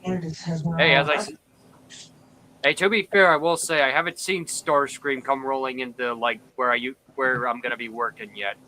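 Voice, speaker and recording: A man's voice: medium pitch, steady tone, normal speed, bright, forceful tone, low-quality recording. A man in a casual group call, speaking hesitantly with restarts. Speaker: livestream guest.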